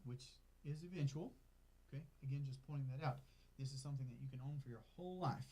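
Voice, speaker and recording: Casual southern guy from north carolina, financial coach doing a live q&a, talks easy and keeps saying okay, mid pitch. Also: warm tone. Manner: chatty, reads viewer comments aloud, tags lines with "okay?". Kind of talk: casual livestream Q&A. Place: office. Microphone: clip-on mic added partway.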